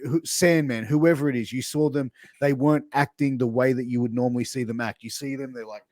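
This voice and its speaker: A man's voice: mid-range voice, fairly even intonation, a little fast, a little mellow, no room sound, clean studio sound. A man co-hosting a podcast who asks long, layered, probing questions in a casual conversational tone. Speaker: podcast co-host.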